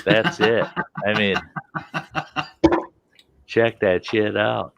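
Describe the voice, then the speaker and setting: A man in his sixties in casual storytelling, animated and acting out voices, swearing freely. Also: fairly low pitch, very slow, creaky, highs cut off, a little hiss or hum. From Wisconsin. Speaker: vlogger.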